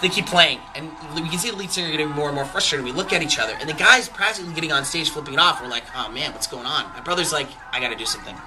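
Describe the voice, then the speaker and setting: Young male storyteller, slightly higher voice, loose and rambling with lots of ums, over clear background music. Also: rapid-fire, hardly any pauses, low-quality recording. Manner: rambling, animated retelling with many fillers and acted-out quotes. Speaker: podcast storyteller. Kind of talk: casual spoken anecdote.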